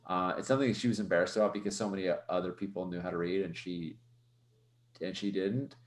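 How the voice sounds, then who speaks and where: A man's voice: sits low, steady tone, fast, reverberant. A man playing a tabletop role-playing game, describing his character in a rambling, hesitant way full of fillers. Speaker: player.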